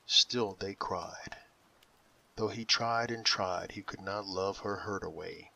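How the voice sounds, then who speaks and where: Deep, husky male audiobook narrator. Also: steady tone, slow pace, pushed and bright, recorded from a distance, low-quality recording.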